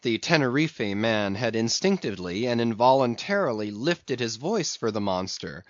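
A male narrator reads a classic novel with dramatic, storytelling flair, his voice rising and falling in a lively way. The recording is dry and slightly dull. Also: medium pitch, no echo. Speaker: audiobook narrator.

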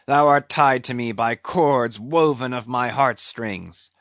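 A brooding old sea captain, acted by a man declaims in solemn archaic phrases and barks sharp orders at a slow, weighty pace. The sound is dull and dry, close in a dead room. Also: medium pitch, no echo. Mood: grieving. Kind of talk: radio play acting.

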